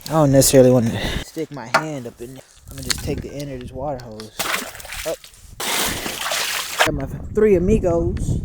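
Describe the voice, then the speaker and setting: A man's voice: mid-range voice, a little fast, long pauses, background noise. A man casually narrating a vlog while checking his animals outdoors on a snowy farm, talking to them in an easygoing way. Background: loud background music.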